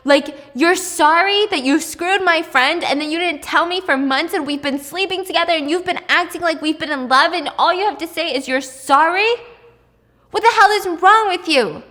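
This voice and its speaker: A woman voicing an explosive, hurt teenage boy who shouts and curses, in a room with a long echo. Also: very high-pitched, normal speed, voice pushed up. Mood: furious. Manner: shouting, cursing. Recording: long echoey room reverb.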